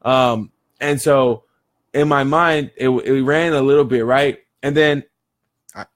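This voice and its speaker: A man telling a personal story to camera in a casual, rambling way, with lots of fillers, self-corrections and bursts of laughter as he acts out his side of the exchange. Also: medium pitch. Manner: animated, rambling, laughs between phrases. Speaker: vlogger telling a daily story.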